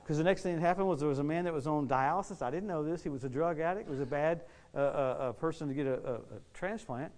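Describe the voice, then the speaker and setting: A middle-aged male preacher delivers a storytelling sermon, racing through tales at a quick clip in a voice a bit high for a man. He's animated, acting out the quotes and laughing along as he tells them.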